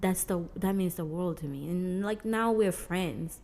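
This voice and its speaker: A woman's voice: on the low side, unhurried. A young woman from Mozambique, a guest telling stories in a casual interview, acting out the dialogue with many fillers. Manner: animated, acts out quoted dialogue, frequent "like".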